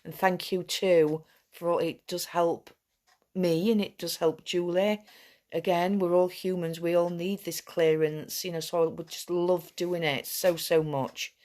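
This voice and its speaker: A woman's voice: fairly low pitch, level tone, measured pace, a little mellow. A woman, an EFT tapping coach, talking chattily and affectionately to her group over a video call. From United Kingdom. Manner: chatty and affectionate, rambling asides. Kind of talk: live online group session, casual chat.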